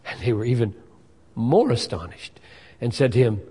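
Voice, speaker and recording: A man preaching a sermon, emphatic and expressive, often acting out the voices in the passages he reads. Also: lowish voice, normal speed, husky, long reverb tail.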